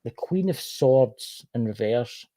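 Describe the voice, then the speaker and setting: A man's voice: medium pitch, expressive, takes it slowly, mellow, no echo. A man with a Scottish accent giving a casual tarot card reading on a livestream, chatting to a viewer by name as he turns each card.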